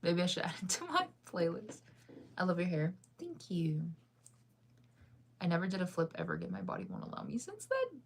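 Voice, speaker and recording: A woman's voice: lowish voice, very animated, brisk, pauses often, husky. A young woman chatting casually with her viewers while she reads comments, laughing often. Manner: chatty, laughs often, sings snippets off-key. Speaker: livestreamer reading comments.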